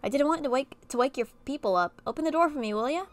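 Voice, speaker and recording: A relaxed, offhand male artifact smuggler from an interactive horror story game, as a woman puts him on. He greets his client casually and speaks in a slightly high voice. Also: quick pace, heavy background noise.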